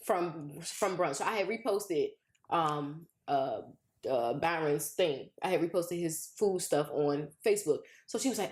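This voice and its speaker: Woman co-host, casual anecdote teller, animated pitch, echoey room sound. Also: normal speed. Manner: conversational, tells family anecdotes, quotes her mother. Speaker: podcast co-host. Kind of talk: casual chat. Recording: roomy echo.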